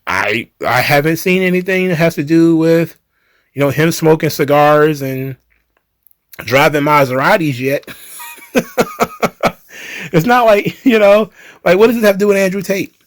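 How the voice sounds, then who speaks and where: A man's voice: fairly high pitch, unhurried, long pauses, no echo. A man hosting a wrestling commentary show, ranting in a heated, sarcastic way with swearing. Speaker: wrestling commentary channel host.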